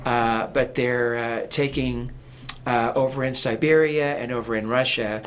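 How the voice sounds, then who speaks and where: A man's voice: mid-range voice, steady tone, measured pace, a bit bright, a little hiss or hum. A man talking as a guest in a casual interview, rambling with many fillers and restarts. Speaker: guest, music producer.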